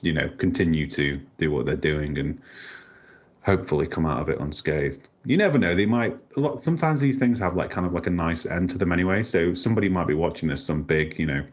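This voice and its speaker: This podcast co-host's voice sits low, and he talks briskly in a casual chat. He jokes around, rambles, and laughs a lot, captured on slightly dull lo-fi audio.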